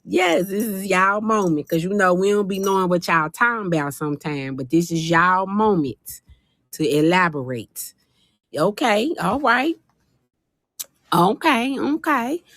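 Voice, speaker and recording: A woman hosting a casual livestream, talking in an animated, folksy and teasing way. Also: mid-range voice, a little slow, no echo, studio quality. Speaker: livestream host. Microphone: phone.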